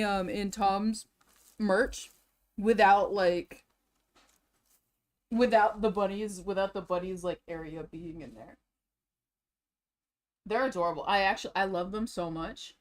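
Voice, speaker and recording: A young woman streamer chatting casually in a rambling way, restarting her sentences often and swinging between tired and excited. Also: mid-range voice, unhurried, pauses often. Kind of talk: casual chat.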